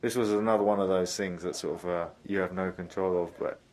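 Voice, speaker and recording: A man's voice: deep voice, fairly even intonation, a little fast, crowd noise. A man giving a reflective commentary on his own film, thoughtful and searching for words. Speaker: filmmaker giving a commentary track.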